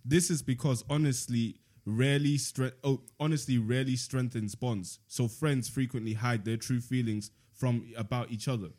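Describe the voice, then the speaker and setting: A medium-pitched man with a darkish tone and fairly even intonation hosts a casual podcast chat. He reads passages from a book aloud in a measured voice, then debates them with friends, staying playful and laughing often.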